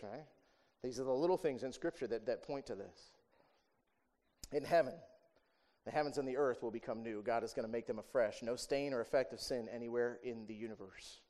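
Preaching in a medium pitch, the man keeps his sermon conversational, full of rhetorical questions and lines capped with "right?" He alternates between raised, forceful moments and quieter side remarks.

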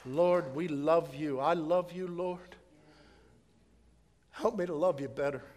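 A man preaching a sermon as pastor, swinging from loud emphatic preaching to hushed prayer in a church sanctuary. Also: on the high side, slow, in a large hall, background noise.

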